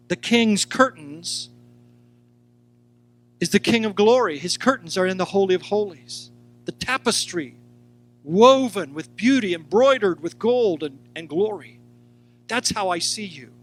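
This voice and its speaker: Animated high-voiced male Bible teacher. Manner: animated, acts out quotes and speaks directly to listeners. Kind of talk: sermon teaching.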